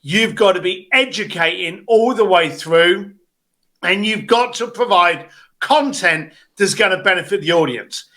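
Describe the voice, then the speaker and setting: A man coaching on a video call, giving blunt, animated advice and acting out quotes. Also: high voice, a little slow. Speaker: business coach.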